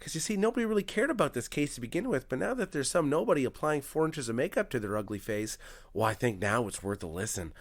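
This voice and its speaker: A man voicing a host giving a makeup tutorial while talking about crime cases, speaking softly and with mock earnestness. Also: medium pitch, animated, fast, voice pushed down. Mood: hushed.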